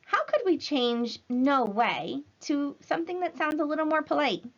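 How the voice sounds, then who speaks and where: A woman teacher giving a recorded language lesson to children, speaking slowly and clearly in an encouraging way. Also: sits high, expressive. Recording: slightly dull lo-fi audio.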